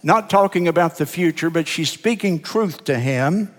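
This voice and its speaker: An older man preaches from the pulpit in an earnest, deliberate way, stretching key words for weight. His voice sits a little high, and a long reverb trails each phrase through the church sanctuary. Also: expressive. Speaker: pastor. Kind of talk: sermon.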